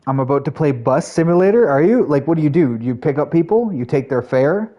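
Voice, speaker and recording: A man's voice: fairly high pitch, animated, quick pace, mellow, lo-fi sound. A man streaming live, chatting casually with his viewers in a rambling way with lots of fillers. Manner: chatty, rambling, talks to chat, frequent fillers.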